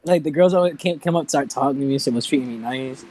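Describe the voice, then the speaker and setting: A man's voice: medium pitch, fast talker, darkish tone. A young man co-hosting a casual podcast, laid-back and giggly, telling a story full of filler words. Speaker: podcast co-host.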